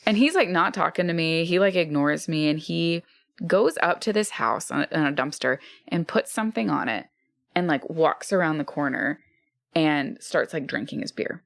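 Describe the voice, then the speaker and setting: Co-host, female, low and gravelly; loose, profane, animated storyteller with a dry close sound. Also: moderate pace, dry recording. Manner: animated, profane, acts out what people said. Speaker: podcast co-host. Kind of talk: casual storytelling chat.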